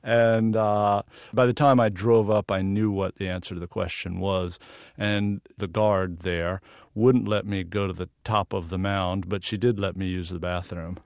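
Southern-born male interview guest, deep-ish voice, earnest explainer, dry studio sound. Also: fairly even intonation, measured pace, creaky, a little mellow, dry recording. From American South. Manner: earnest and explanatory, sometimes laughing. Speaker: guest photographer. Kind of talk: radio interview.

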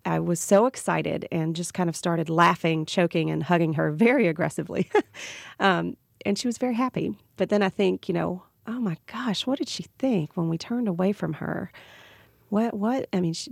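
A woman's voice: fairly low pitch, gravelly, no room sound, clean studio sound. A woman with a Southern US accent, a radio interview guest telling a personal story earnestly and reflectively. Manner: earnest, reflective, with small restarts.

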